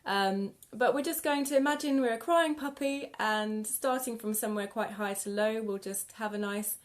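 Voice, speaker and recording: A woman singing teacher guiding a live vocal warm-up lesson with gentle, encouraging instructions. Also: fairly high pitch, moderate pace. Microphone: live video stream.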